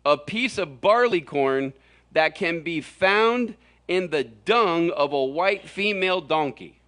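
A middle-aged man from Florida preaching a humorous sermon to a room, telling stories with animated, jokey delivery and sudden exaggerated voices. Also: a little high, slow pace. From Florida, USA. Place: large room with audience.

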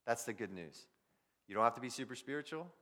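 A man preaching a sermon, swinging between loud emphasis and near-whispers as he speaks directly to his listeners. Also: mid-range voice, animated, fast talker. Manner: addresses listeners directly as "guys". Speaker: pastor.

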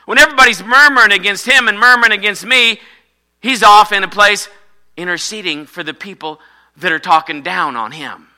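A man's voice: high-pitched, a little fast, sharp tone, voice pushed up. A man voicing a stern, angry deity who delivers an emphatic rebuke.

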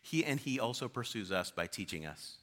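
A male pastor preaching a sermon as relaxed storytelling, talking it through casually rather than declaiming. His voice is bright and forceful, at an average pitch for a man. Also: moderate pace. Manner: conversational storytelling preaching, informal.

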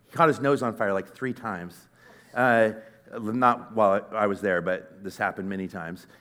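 A middle-aged man giving a sermon, telling a personal story in a conversational, earnest way that swings from loud to hushed. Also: fairly low pitch, moderate pace. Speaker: conference speaker.

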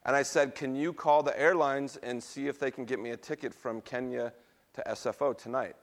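Speaking at a moderate pace with a fairly level delivery, this middle-aged male pastor gives a sermon in a relaxed, mid-pitched voice. Along the way he recounts personal anecdotes, sometimes trips on his words, and pokes fun at himself with a laugh.

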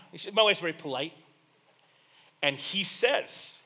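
A male pastor preaches in a church basement, spinning a story in a relaxed, conversational way. His voice sits high and sounds bright and ringing. He comes across as a man in his thirties talking to his congregation. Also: a little slow, pauses often, husky. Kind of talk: sermon.

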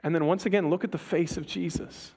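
A man delivering a sermon in a loose, conversational way. He talks to the congregation like friends and slips into quick quoted voices to make a point. His voice sits a little on the high side. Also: breathy edge. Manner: conversational, animated, acts out quoted voices with laughs. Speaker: pastor.

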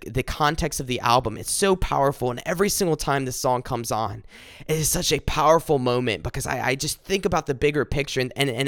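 A man's voice: mid-range voice, fairly bright tone, clean tone, no room sound, clean studio sound. A young man giving an earnest devotional talk, often repeating words and phrases for emphasis. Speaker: devotional speaker.

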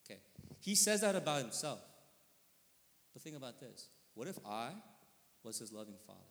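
A man preaches in an earnest, conversational way, constantly checking in with his listeners. His voice sits at an ordinary middle pitch and drops into quiet reflection before rising into emphatic bursts. A long reverb trails every phrase, as in a large church sanctuary. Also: sing-song, moderate pace. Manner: earnest, often asking listeners with tag questions. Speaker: pastor. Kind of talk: conversational sermon.

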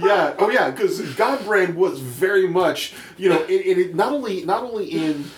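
A man's voice: sits high, animated, normal speed, crowd noise. A man chatting casually on a podcast, laughing often and restarting his sentences. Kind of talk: casual chat. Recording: roomy echo, faint background noise.

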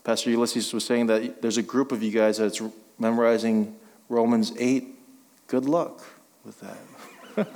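A male guest pastor preaching a sermon, conversational and joking, building to emphatic exhortation. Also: medium pitch. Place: church sanctuary. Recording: long reverb of a church hall.

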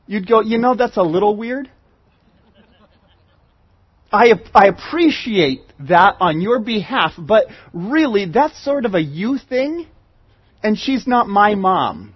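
A man's voice: sits high, lively intonation, unhurried, husky, no room sound, muffled recording. A man preaching a sermon as pastor, earnest and conversational, often restarting his phrases.

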